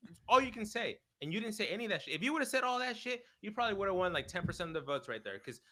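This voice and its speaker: Bright, fired-up young man ranting. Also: high-pitched, very animated, racing, poor audio. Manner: blunt, profane, fired-up, frequent "bro". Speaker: podcast co-host. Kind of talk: casual political chat.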